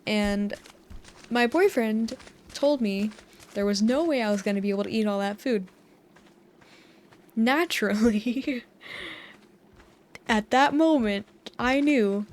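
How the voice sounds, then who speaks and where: Soft-spoken young American woman rambling. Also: fairly high pitch, slow, pauses often, a little hiss or hum. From United States. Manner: chatty, meandering storytelling with frequent laughs. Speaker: gaming channel host. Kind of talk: soft-spoken rambling over relaxing gameplay.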